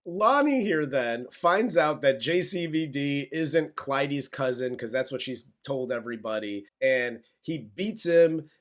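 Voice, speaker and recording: A man's voice: mid-range voice, lively intonation, measured pace, hardly any pauses. A man co-hosting a movie review podcast, casually recapping the plot, loose and profane, laughing often.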